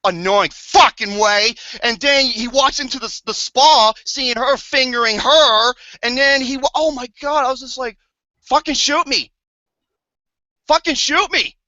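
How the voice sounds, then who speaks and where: Podcast host ranting about a movie, bright sharp voice, swears a ton, dull lo-fi audio. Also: mid-range voice, normal speed, hardly any pauses, no room sound. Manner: profane, exasperated, theatrical outbursts.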